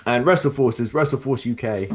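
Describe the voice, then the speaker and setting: A man's voice: mid-range voice, a little fast, soft background music. A man on a casual podcast, a wrestler chatting loosely as he reels off an upcoming match card with plenty of fillers. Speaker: wrestler and promoter guest.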